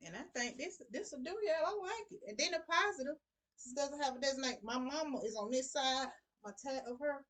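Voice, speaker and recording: A woman's voice: high-pitched, animated, fairly quick, fairly bright tone. Chatty woman sewing vlogger, y'all. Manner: chatty, addresses viewers as y'all. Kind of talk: casual sewing tutorial.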